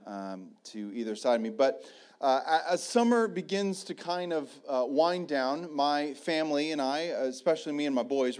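A man in his thirties, a pastor, preaching and telling a lively personal story, loud and animated at the high points. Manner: animated storyteller, shouts when acting out his kids.

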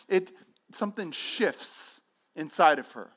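A man's voice: on the high side, normal speed, fairly bright tone. A male pastor preaching a sermon, telling stories with acted-out dialogue and frequent restarts.

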